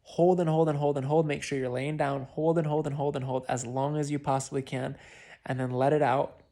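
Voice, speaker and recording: Speaking a little fast in a fairly high, warm voice with a flat delivery, a breathwork coach talks a private client through the exercises. He keeps it informal and encouraging, often sighing and demonstrating laughs.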